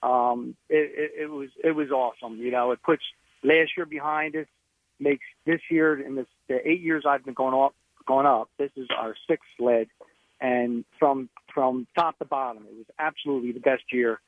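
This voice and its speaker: A man's voice: mid-range voice, steady tone, normal speed, no echo. A man calling in to a radio show, enthusiastically telling a story. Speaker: caller. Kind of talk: phone-in storytelling. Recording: tinny phone line.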